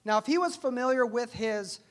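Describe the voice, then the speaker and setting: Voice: mid-range voice, expressive, a little fast. A pastor preaching a sermon in a church, earnest and conversational, often asking rhetorical questions.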